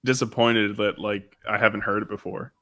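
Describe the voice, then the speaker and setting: A man's voice: fairly low pitch, flat delivery, normal speed, a bit bright. A man co-hosting a casual podcast, who talks in an easygoing, plainspoken way and laughs easily. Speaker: podcast co-host. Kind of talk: casual chat.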